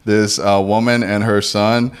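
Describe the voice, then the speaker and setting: A man's voice: lowish voice, little pitch movement, a little slow, clean tone. A man, a stand-up comedian guest, telling rambling stories in casual chat on a podcast. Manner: rambling storyteller, slips into mimicked voices.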